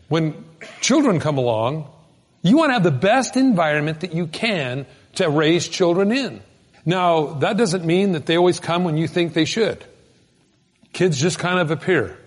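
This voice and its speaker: Animated high-voiced male preacher, hall reverb. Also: slightly rough. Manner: folksy, animated storytelling with sudden loud bursts. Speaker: pastor. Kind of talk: sermon.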